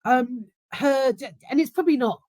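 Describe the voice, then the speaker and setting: A woman's voice: high voice, normal speed, a little mellow, dry recording. A woman with a London accent, casually giving a candid, swear-filled film review. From South London. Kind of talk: casual chat.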